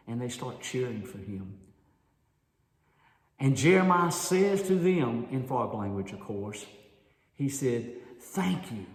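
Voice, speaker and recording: A man telling a story to an audience at a conference, animated and drawing the crowd in. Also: medium pitch. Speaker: speaker at a volunteer leader conference. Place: large hall. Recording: echoey hall with long reverb.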